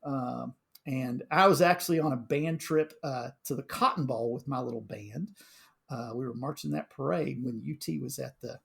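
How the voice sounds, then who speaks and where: A middle-aged man, a high school band director, telling animated stories in casual conversation, full of fillers and restarts. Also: moderate pace, vocal fry.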